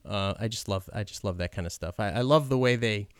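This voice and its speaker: Guy rambling thru a movie commentary, lots of ums and restarts, lowish smooth voice, dry close sound. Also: no room sound. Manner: halting, many ums and restarts, admiring. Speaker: film commentary host. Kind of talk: unscripted film commentary.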